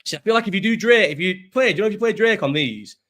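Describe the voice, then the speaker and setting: A man's voice: high-pitched, lively intonation, fast talker, a bit bright. A young man with a Scouse accent hosting a casual live-stream chat, rambling, swearing freely and restarting his sentences.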